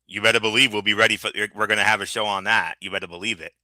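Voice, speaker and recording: Bright-voiced man in chatty recap banter. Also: lowish voice, racing, no echo. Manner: animated, stammering restarts. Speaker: podcast co-host. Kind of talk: casual wrestling recap chat.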